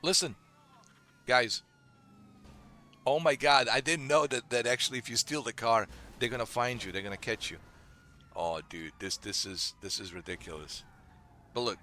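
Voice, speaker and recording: A man's voice: mid-range voice, moderate pace, long pauses, bright, forceful tone, a little hiss or hum. A man streaming, giving a scolding, repetitive rant at a viewer he keeps calling dude. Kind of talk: ranting monologue to a viewer.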